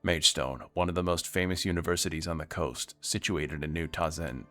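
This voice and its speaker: A man's voice: deep voice, moderate pace, pushed and bright, soft background music. A man voicing a proud, pompous middle-aged magistrate father who sounds falsely jovial.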